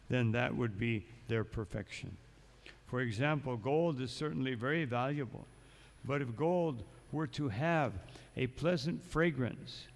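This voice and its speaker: A monk gives a morning sermon in a temple hall, his mid-range voice creaky as he tells stories, reading passages aloud and then breaking in with asides. The long hall echoes throughout.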